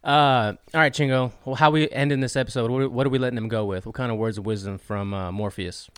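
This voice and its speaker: A man hosting a podcast, chatting in a laid-back, joking way. His voice is an ordinary middle pitch for a man, recorded close and dry with no room sound. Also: steady tone, fast, fairly bright tone, smooth, dry recording. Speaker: podcast host. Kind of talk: casual podcast chat.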